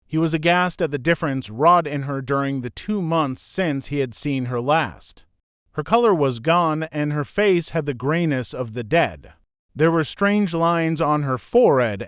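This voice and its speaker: A man narrating a gothic audiobook in an expressive storytelling manner. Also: on the high side, a little slow, clear, resonant tone, dry recording, clean studio sound. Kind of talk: scripted narration.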